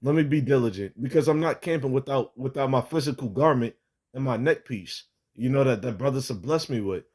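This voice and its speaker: A man's voice: medium pitch, a little fast, a little mellow. A young man giving a casual spoken religious testimony, rambling with many fillers, restarts and casual swearing.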